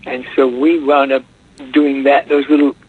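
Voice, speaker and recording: An older man, a voice actor guest, telling rambling anecdotes in a casual interview over the phone, with a soft, husky voice. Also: medium pitch, little pitch movement, normal speed. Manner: chatty, rambling anecdotes with restarts. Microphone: telephone. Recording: dull lo-fi phone line.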